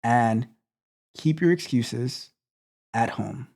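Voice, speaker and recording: Tech coach guy, blunt and repetitive, dark mellow voice, stumbles over restarts. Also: medium pitch, moderate pace. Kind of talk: motivational talk to stream viewers.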